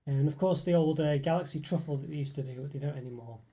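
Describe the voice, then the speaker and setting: This young host from northeast England runs a laid-back stream, reading chat and rambling with lots of restarts and filler words. He talks fast in a fairly high-pitched voice with a dark tone.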